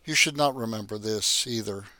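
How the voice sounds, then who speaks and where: A man voicing a guarded, sharp-witted young woman working as a hotel maid. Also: lowish voice, moderate pace, no echo. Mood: tender resolve. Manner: polite, composed, quietly defiant.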